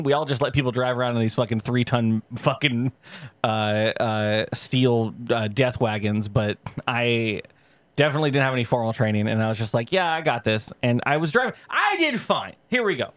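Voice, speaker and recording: A young man co-hosting a podcast, telling a story in casual, profane chat with sudden pitch jumps. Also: dry recording. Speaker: podcast co-host.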